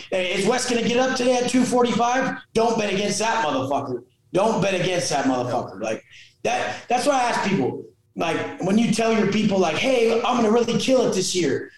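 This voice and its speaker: A man who is a fitness and motivational coach, talking as a podcast guest in an intense, forceful way, swearing constantly and acting out the people he quotes. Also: on the high side. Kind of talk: intense profane motivational talk. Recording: very echoey room.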